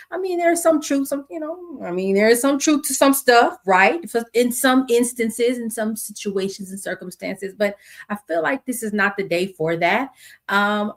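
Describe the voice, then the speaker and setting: A middle-aged American woman hosting her own podcast, talking casually with many fillers and asides. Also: medium pitch. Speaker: podcast host. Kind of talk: casual solo podcast talk.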